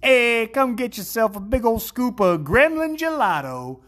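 A man putting on a hyped, folksy Southern ad pitchman with a loud, sing-song sales voice. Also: expressive, unhurried, full character voice.

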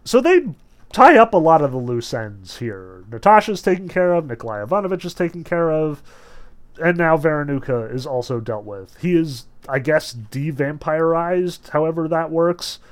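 A man's voice: fairly high pitch, expressive, moderate pace. A man casually talking through a novel, peppering his speech with "like". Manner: casual, many "like" fillers. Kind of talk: casual book discussion.

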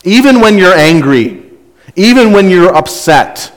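Earnest preacher in a reverberant hall. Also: male voice, high voice, expressive, a little slow. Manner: earnest, conversational preaching with repetitions. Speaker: pastor. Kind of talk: sermon.

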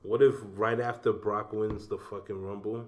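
A man's voice: on the low side, level tone, a little hiss or hum. A man in casual, profane chat about wrestling as a podcast co-host, jumping in with his own ideas. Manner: casual and profane, quick to jump in.

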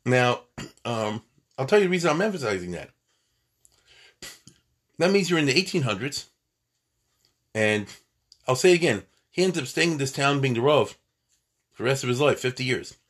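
Man lecturer, husky mid-range voice, informal storytelling delivery with rhetorical asides. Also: mid-range voice, very animated, normal speed, pauses often, fairly bright tone. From United States. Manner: conversational, asks rhetorical questions, uses Yiddish terms. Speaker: lecturer on Jewish history.

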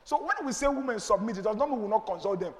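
A man's voice: high-pitched, expressive, very fast, long reverb tail. A middle-aged man with a Nigerian accent, preaching emphatically and rhetorically as a pastor answering questions in a church. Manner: emphatic, rhetorical, preacherly, with sudden loud bursts.

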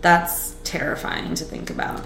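Woman just chatting, laughs a ton, swears casually, kinda roomy echo. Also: moderate pace. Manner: animated storyteller, laughs often, swears casually. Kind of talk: casual chat. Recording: echoey room, faint noise.

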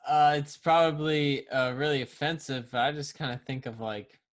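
A man co-hosting a casual movie podcast, relaxed, giving short replies and asking questions. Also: a little high, moderate pace. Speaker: podcast co-host.

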